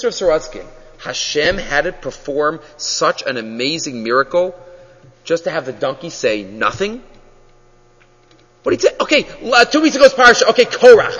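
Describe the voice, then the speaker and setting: A man teaching a Torah class as a rabbi, animated and full of questions. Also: high-pitched. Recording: dull lo-fi audio in a reverberant hall.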